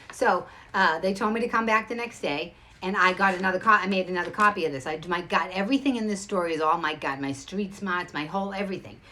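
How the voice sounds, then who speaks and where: Female host, low-pitched, rapid and emphatic, storytelling to camera. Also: pushed and bright. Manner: rapid, emphatic, restarts a lot. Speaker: show host.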